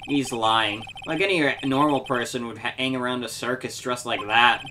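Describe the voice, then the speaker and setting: A woman's voice: rumbling low, normal speed, noisy background. A woman voicing a wry young male defense attorney with dry asides.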